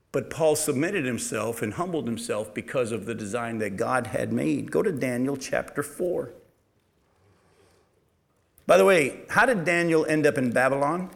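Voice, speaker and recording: A man with a slightly higher voice than most men preaches a sermon, reading scripture aloud, explaining it, and asking his listeners questions. He speaks at a moderate pace with vocal fry, his animated delivery moving from loud emphasis to quiet asides.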